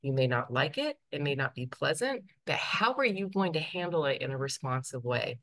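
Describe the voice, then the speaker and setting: A woman's voice: low-pitched, very animated, normal speed, a bit bright. A woman presenting a live workshop, speaking emphatically, repeating her points and checking in with her listeners. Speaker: workshop presenter, teaching professor.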